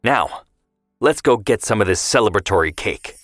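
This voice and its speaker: A man reading the part of a sharp-tongued, affectionate grandfather in a story, in plain banter. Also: fairly low pitch, expressive, normal speed, soft background music. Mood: tender. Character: feisty, teasing grandfather, older man.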